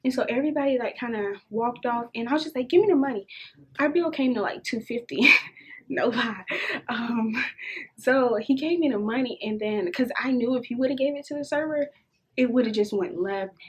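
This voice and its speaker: A young adult woman vlogger telling a casual storytime, animated and swearing freely as she acts out the dialogue. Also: fairly high pitch, moderate pace, slightly rough.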